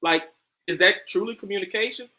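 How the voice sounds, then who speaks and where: Male panelist, slightly high pitch, hesitant and questioning. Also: fairly quick, sharp tone, low-quality recording. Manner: hesitant, questioning, laughs easily. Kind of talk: casual discussion.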